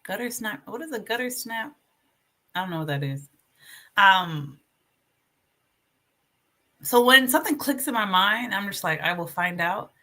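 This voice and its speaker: A woman hosting a casual livestream, chatty and animated, reading aloud from her notes while sharing her screen. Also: mid-range voice. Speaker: livestream host.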